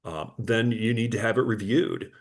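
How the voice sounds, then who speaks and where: A man's voice: lowish voice, moderate pace. A man, an attorney, giving a conversational business webinar, telling client stories and acting out their dialogue with frequent fillers. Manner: anecdotal, acts out client dialogue, many fillers.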